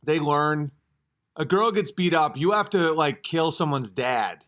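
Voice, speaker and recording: A man's voice: fairly high pitch, lively intonation, unhurried. A man in his thirties hosting a casual livestream, rambling and joking as he answers chat comments. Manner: rambling, joking, swings to loud acted outbursts. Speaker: livestream host.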